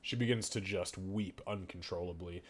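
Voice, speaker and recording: A man's voice: low-pitched, fairly even intonation, normal speed. A man running a tabletop game as game master, describing scenes in casual, conversational narration.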